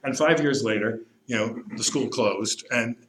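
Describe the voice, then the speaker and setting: A priest giving a lecture, telling stories in a lively way and laughing at his own tales. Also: medium pitch, a little slow. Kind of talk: lecture with anecdotes. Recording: echoey lecture room, faint hum.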